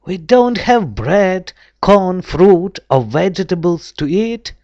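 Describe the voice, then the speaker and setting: A small, timid storybook mouse, as a woman reads him, speaking in a raised, plaintive voice. He sounds weak and hesitant. The read is slow and dry. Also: on the low side, big pitch swings, mellow, dry recording, muffled recording, pitched above the performer's own voice, full character voice. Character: strange little sickly male mouse, timid.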